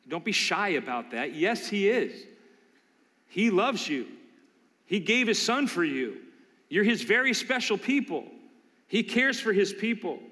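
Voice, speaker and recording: A man's voice: fairly high pitch, animated, moderate pace, pushed and bright, long reverb tail. A man preaching a sermon, emphatic and questioning his listeners as he reads and explains scripture. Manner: emphatic, asks the congregation questions. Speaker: pastor.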